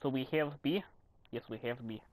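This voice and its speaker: A young man giving casual commentary while playing a video game, swearing and yelling in frustration. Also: medium pitch, normal speed. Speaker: gamer commentator.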